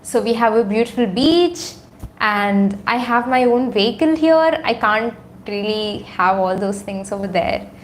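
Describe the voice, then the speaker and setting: Woman from India, YouTuber, casual live chat on a tripod camera, slightly higher voice. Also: lively intonation, measured pace, a little hiss or hum. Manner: chatty, reads viewer comments aloud, many fillers. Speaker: YouTuber on a livestream. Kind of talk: casual livestream chat with viewers. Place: her room at home. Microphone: phone or camera on a tripod.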